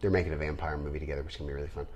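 A man co-hosting a podcast, chatting casually and rambling with animated bursts of laughter. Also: extremely low pitch, rapid-fire, a little hiss or hum. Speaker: podcast co-host. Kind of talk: casual chat.

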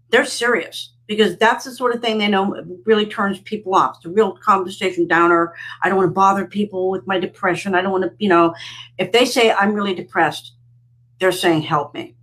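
A woman's voice: mid-range voice, brisk, a bit bright, rough recording. A woman guest in a casual chat, speaking bluntly and wryly in a matter-of-fact way.

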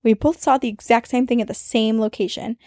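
A woman podcast host reading a listener's ghost story aloud, with dramatic storytelling that speeds up and slows down for suspense. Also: fairly high pitch, steady tone, a little mellow, no room sound, studio quality.

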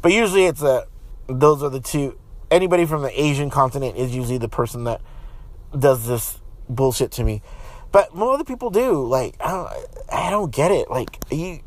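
A man hosting his own podcast, ranting heatedly with lots of swearing and restarts, then settling into a calmer, lower tone. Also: normal speed. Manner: profane, rambling, frequent restarts. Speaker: podcast host. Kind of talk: casual solo podcast rant.

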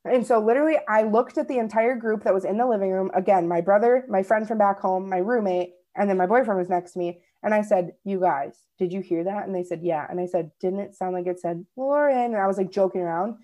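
A woman's voice: mid-range voice, fast talker, hardly any pauses, dark tone. A young woman, co-hosting a podcast and telling stories in casual chat. She swears freely and acts out what people said. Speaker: podcast co-host.

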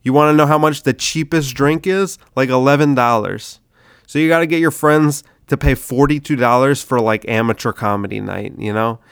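Smooth-voiced man rambling casually, sick. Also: medium pitch, moderate pace, a bit bright, dry recording, studio quality. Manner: loose, swearing, says "dude" a lot. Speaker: comedian podcast host.

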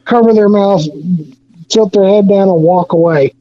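A rather high-voiced man from Arkansas, rambling through jokey prank stories with many restarts. The sound is dull and lo-fi, as if through a cheap mic. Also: moderate pace, no room sound. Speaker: podcast guest. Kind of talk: casual storytelling chat.

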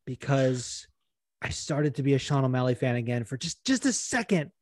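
A man co-hosting a casual sports podcast, animated and swearing freely, with lots of fillers. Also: mid-range voice, moderate pace, a little hiss or hum. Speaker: podcast co-host.

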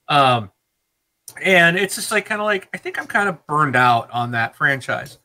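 Guy in his 30s, bright kinda high voice, rambling about games, laughs a bunch. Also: normal speed, low-quality recording. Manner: rambling, animated, laughs often. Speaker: podcast co-host. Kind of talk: casual gaming chat.

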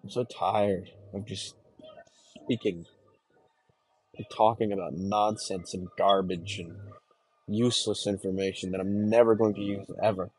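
A young man hosting a podcast, talking to himself in a distressed, halting, brooding confessional monologue. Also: fairly low pitch, steady tone, darkish tone, dry recording. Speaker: podcast host.

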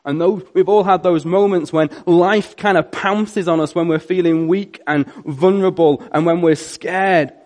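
A male preacher delivers an earnest storytelling sermon. His voice sits a little high for a man and swings from loud passages to hushed ones. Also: fairly even intonation, moderate pace, few pauses.

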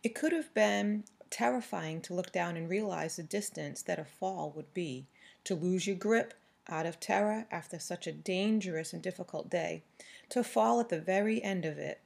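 A woman reading a novel aloud in a steady, measured storytelling manner. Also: on the low side, creaky, husky. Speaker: audiobook reader.

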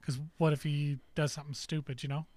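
A man co-hosting a podcast, telling a story in casual chat, animated and swearing freely. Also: fairly high pitch, fairly quick, dry recording, clean studio sound. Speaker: podcast co-host.

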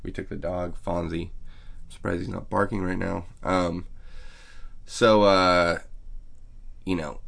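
A man's voice: low-pitched, flat delivery, slow pace, creaky, long pauses, fairly bright tone. A man telling a rambling, profane, self-mocking story as a podcast host. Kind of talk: casual storytelling monologue.

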